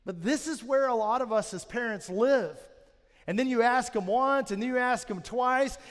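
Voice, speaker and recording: A man's voice: very high-pitched, moderate pace. A man in his thirties preaching a sermon to a church, telling family stories with self-mocking humor. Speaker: pastor. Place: church auditorium. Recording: reverberant hall.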